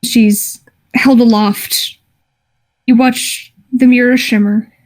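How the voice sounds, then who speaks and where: A woman narrating a tabletop game as game master, in a descriptive, halting way with frequent restarts. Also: on the high side, fairly even intonation, darkish tone.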